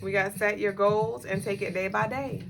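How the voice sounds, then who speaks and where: A woman co-hosts a spiritual livestream. She repeats her points and speaks straight to her viewers in a casual, emphatic way. Her voice sits at an average pitch, with music clearly playing behind it. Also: steady tone, moderate pace.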